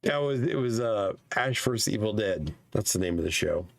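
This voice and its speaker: Hoarse man with a gravelly, fading voice. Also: on the low side, animated, fairly quick, dry recording. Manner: swears casually, laughs often. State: voice nearly gone, hoarse. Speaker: podcast guest. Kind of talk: casual chat.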